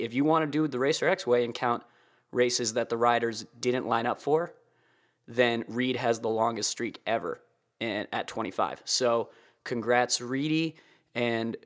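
A man's voice: mid-range voice, a bit bright. A man hosting a casual motocross podcast, talking on his own in a crude, joking way with plenty of swearing. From United States. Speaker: podcast host. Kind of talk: casual solo podcast commentary.

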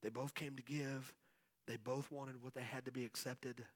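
A man's voice: mid-range voice, little pitch movement, normal speed, no room sound. A middle-aged man preaching a sermon as the pastor, chatting with the congregation and calling out to them for answers. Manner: conversational preaching with audience call-outs.

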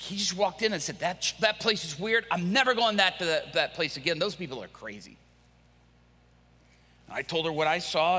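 A male pastor preaching, telling a story with lively acted-out quotes. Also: on the high side, breathy edge. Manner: animated, acts out quoted voices. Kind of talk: sermon storytelling. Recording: echoey hall.

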